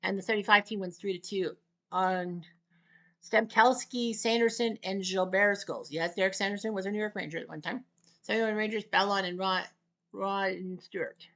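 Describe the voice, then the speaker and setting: A woman talking her way through a game in a loose, chatty commentary. She keeps wandering into side remarks and now and then bursts out with a shouted taunt. Her voice sits in an ordinary middle register. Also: medium pitch, steady tone, moderate pace. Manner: chatty, rambling asides full of trivia. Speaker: gameplay commentator. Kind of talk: casual gameplay commentary.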